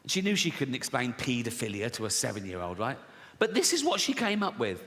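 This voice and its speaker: A man doing a dark, sardonic stand-up set, acting out the people in his stories. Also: medium pitch, wildly swooping pitch, fairly quick. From England. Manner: dark, sardonic storytelling, acts out characters. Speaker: stand-up comedian. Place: arena stage with audience laughter. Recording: live arena hall with loud crowd noise.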